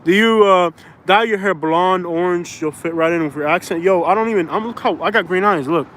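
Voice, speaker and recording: A man's voice: high-pitched, fairly quick, fairly bright tone. Chatty man livestreaming outdoors. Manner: rambling, chatty, reads viewer comments aloud. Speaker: livestream host. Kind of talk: casual live chat. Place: outdoors in a suburb. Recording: faint outdoor traffic noise.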